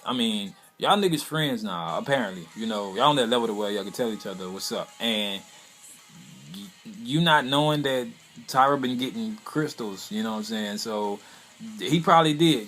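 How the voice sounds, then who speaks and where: A man casually reviewing an anime episode in a rambling, slangy, profane way, now and then breaking into excited bursts. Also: lowish voice, moderate pace.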